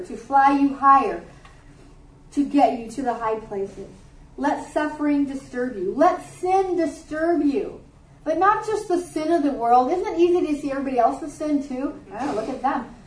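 A woman's voice: sits high, reverberant, far from the mic, slight background noise, poor audio. A middle-aged woman giving a sermon to a group, earnest and conversational, with offhand asides. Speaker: Bible teacher. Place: warm room with a group.

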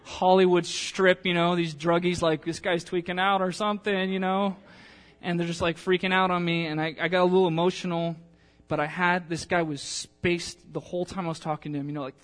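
A man's voice: high voice, little pitch movement, brisk, a bit bright. A male pastor preaching a sermon, telling a personal story in a chatty, emotional way with many fillers, then reading scripture aloud.

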